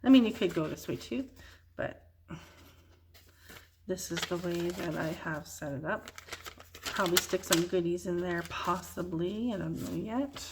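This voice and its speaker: A woman's voice: lowish voice, unhurried, pauses often, a little hiss or hum. Tired woman showing her craft journals. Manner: relaxed, rambling, soft-spoken with yawns. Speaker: junk journal artist. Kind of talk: casual show-and-tell vlog.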